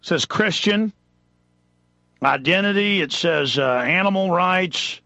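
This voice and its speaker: A man's voice: sits high, expressive, slow, bright, forceful tone, no room sound, highs cut off. Indignant ranting male talk radio host. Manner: ranting, indignant, reads news items aloud. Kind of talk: impassioned talk radio monologue.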